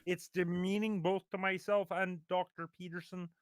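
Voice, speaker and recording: A man's voice: high voice, little pitch movement, normal speed, no echo, studio quality, natural voice. A man putting on the voice of a stern, pedantic middle-aged lecturer who moralizes with folksy maxims. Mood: lecturing. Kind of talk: comedic impression on a live stream.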